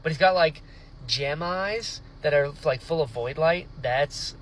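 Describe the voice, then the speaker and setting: A young man hosting a casual book reaction, talking animatedly and acting out the characters in quick quoted voices. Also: a little high, a bit bright, slight background noise, low-quality recording.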